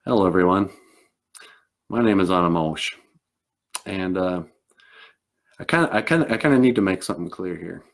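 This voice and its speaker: A man voicing an earnest, gentlemanly male dog puppet with a US Southern accent, speaking in a hesitant, apologetic, stammering way. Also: low-pitched, animated, moderate pace, creaky, pauses often.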